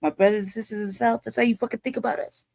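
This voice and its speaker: A woman's voice: fairly high pitch, steady tone, rapid-fire, vocal fry, darkish tone, no echo. A woman in her forties co-hosting, reacting with blunt, profane outrage in heated commentary. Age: 40s. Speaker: co-host.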